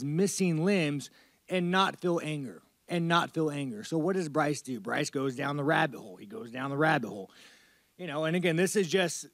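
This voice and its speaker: A man with a fairly high voice rambles through interview answers with loose, profane bro talk, peppering it with dude and man. The sound is close and dry, with no room around it. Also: no room sound. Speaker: fighter at a media interview. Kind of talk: casual media-day interview.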